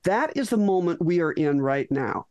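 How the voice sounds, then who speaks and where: A woman's voice: lowish voice, lively intonation, moderate pace, a little mellow, no room sound, lo-fi sound. A middle-aged woman, a physician guest in an interview, tells a story animatedly with frequent restarts and acted-out lines.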